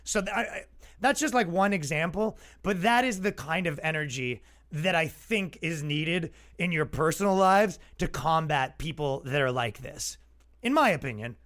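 Male comic podcast host, high-pitched, casual sarcastic rant. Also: expressive, moderate pace, fairly bright tone. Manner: exasperated, sarcastic, acts out quoted voices.

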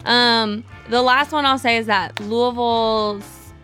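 A woman's voice: a little high, steady tone, slow pace, pushed and bright, soft background music. A woman from Kentucky hosting a casual podcast chat, joking and laughing often. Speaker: podcast host.

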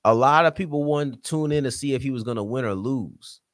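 A man's voice: medium pitch, brisk, no room sound, clean studio sound. A man hosting a solo sports podcast, talking casually and straight to his listeners, with a slight country twang at times. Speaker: podcast host.

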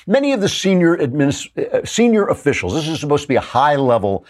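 A man's voice: fairly high pitch, big pitch swings, fast. A male host giving sarcastic political commentary, reading quotes aloud and mocking them as he goes. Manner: reads quotes aloud and interjects.

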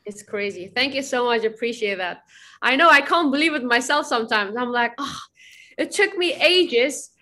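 A woman's voice: a little high, normal speed. A young woman, a podcast guest, chatting casually and telling stories with lots of laughter. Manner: bubbly, laughs often, animated storytelling. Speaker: interview guest.

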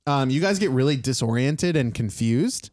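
A young man narrating as game master in a tabletop game, pausing often with ums and uhs. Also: mid-range voice, animated, a little mellow, no room sound. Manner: hesitant, many ums and uhs.

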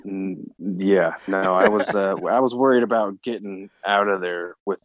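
A podcast guest tells a story in casual conversation, animated and cursing freely as he acts out how he reacted. His voice is low and his pace measured, and the recording quality is poor.

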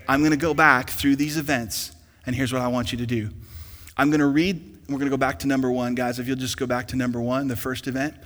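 Male pastor, sermon, bright forceful voice, long reverb of a big hall, calls out to the congregation. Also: mid-range voice. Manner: swings from hushed to shouting, calls for audience response.

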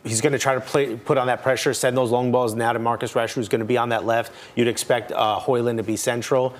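A man's voice: medium pitch, level tone, fairly quick. A man talking soccer on a casual podcast panel, analytical and reeling off stats, with dry sarcasm. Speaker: soccer pundit.

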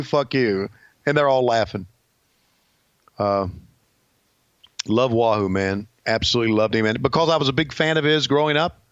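A man's voice: mid-range voice, no room sound, dull audio. A man co-hosting a podcast, telling dry, laid-back anecdotes in casual chat. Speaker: podcast co-host.

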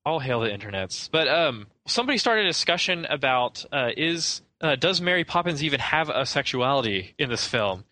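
A man's voice: mid-range voice, sing-song, normal speed, few pauses, pushed and bright, rough recording. A young man co-hosting a casual film podcast, talking in a rambling, hesitant way with many fillers and restarts. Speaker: podcast co-host.

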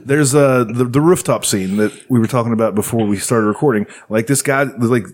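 A man's voice: mid-range voice, a little fast, darkish tone. A man co-hosting a casual chat, swearing a lot and acting out scenes with quoted voices. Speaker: podcast co-host.

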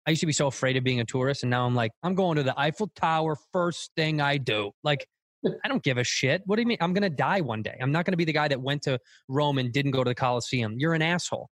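Animated man in casual chat. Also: mid-range voice, fast, dry recording. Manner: loose, animated, swears casually. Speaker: guest comedian.

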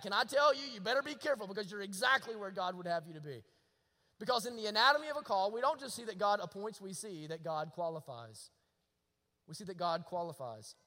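A man's voice: sits high, sharp tone, big-room sound. A man preaching a sermon in a church, impassioned and repeating lines for emphasis. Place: church sanctuary.

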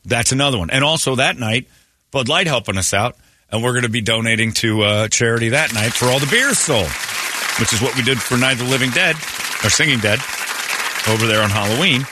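A man's voice: medium pitch, a little fast, a crowd in the background. A man hosting a morning radio show, rambling through announcements and teasing his co-host. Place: radio studio.

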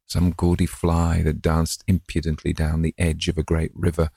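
Deep, gravelly male narrator. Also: completely flat delivery, normal speed, dark tone, no room sound, clean studio sound. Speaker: audiobook narrator. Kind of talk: scripted narration.

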